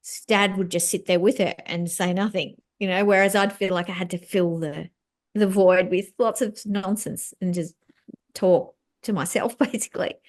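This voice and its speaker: A middle-aged woman speaking as a guest in an interview, talking frankly and reflectively, with soft laughs and plenty of fillers. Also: mid-range voice, steady tone, moderate pace. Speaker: author and guest. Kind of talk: candid conversational interview.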